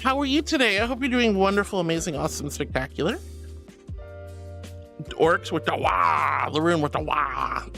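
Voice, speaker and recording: A man's voice: on the high side, normal speed, creaky, long pauses, soft background music. A man streaming a casual chat, reading viewer messages and answering them in a gushing, affectionate way. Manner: gushing and affectionate, calls viewers sweetie and honey; excitable, gasps and laughs often.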